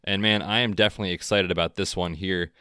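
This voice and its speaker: A man co-hosting a podcast, chatting casually about football with a relaxed, chatty manner. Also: sits low, fast talker, clean tone, dry recording, studio quality. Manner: relaxed, chatty, frequent fillers. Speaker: podcast co-host. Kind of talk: casual sports chat.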